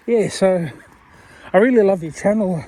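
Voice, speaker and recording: Walking as he talks, a man sends a rambling, meandering video message to a channel owner he looks up to. He has a warm voice that sits high.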